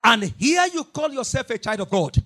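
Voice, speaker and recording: A middle-aged man preaching a fiery sermon. He repeats his lines, swings from hushed to shouting in a sing-song cadence, and bursts into tongues. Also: extremely high pitch, sing-song, moderate pace.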